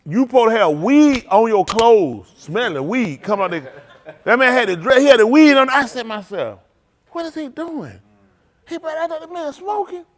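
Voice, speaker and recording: A man, a pastor telling food stories to his livestream with laughter and excitement. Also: very high voice, normal speed. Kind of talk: casual livestream storytelling.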